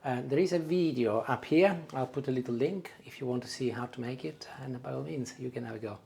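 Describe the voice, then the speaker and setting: A man hosting a casual cooking demonstration at home, chatting warmly and pausing often with "uh" fillers. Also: medium pitch, gravelly. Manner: warm, chatty, hesitant with frequent "uh" fillers. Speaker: cooking show host. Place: home kitchen. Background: food sizzling in a frying pan.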